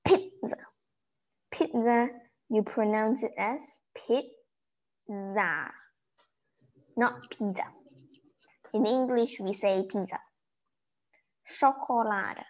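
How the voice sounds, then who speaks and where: A woman giving a simple German vocabulary lesson, slowly repeating each word so it can be pronounced. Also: on the high side, darkish tone. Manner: slow, repeating words to pronounce them. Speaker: German teacher. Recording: dull lo-fi recording.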